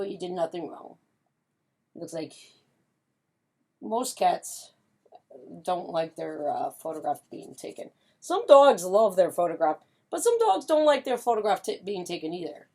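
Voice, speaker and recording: A woman's voice: on the low side, animated, measured pace, long pauses, darkish tone. A woman chatting her way through a casual watercolor painting demonstration, upbeat and full of fillers, humming little tunes as she works. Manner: chatty and upbeat, with frequent fillers and hummed doo-doo sounds. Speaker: pet portrait artist and painting instructor.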